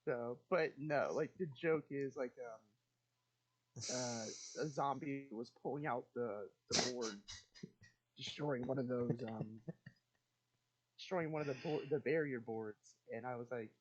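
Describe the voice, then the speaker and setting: A man's voice: medium pitch, measured pace, background noise. A young man telling rambling stories in a casual chat, laughing and swearing as he goes, on a dull lo-fi recording. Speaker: guest answering questions.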